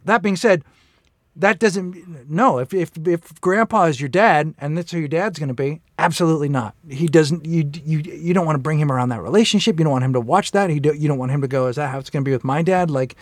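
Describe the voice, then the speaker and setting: A man co-hosting a podcast, loud and joking in casual chat, laughing often. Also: a little high, a little fast, dry recording, studio quality. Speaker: podcast co-host.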